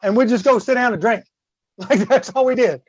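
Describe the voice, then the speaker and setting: Here the middle-aged guest host sounds very high-pitched and a little fast, with a breathy edge. His rowdy podcast tale is full of cursing, and he acts out quotes and crashes in an animated way. The recording is dull, dry and lo-fi, with no echo.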